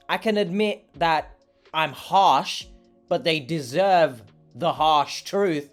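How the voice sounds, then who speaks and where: Sarcastic young man chatting. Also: a little high. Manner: sarcastic, rambling, talks with his mouth full. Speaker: vlogger. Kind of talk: casual chat while eating.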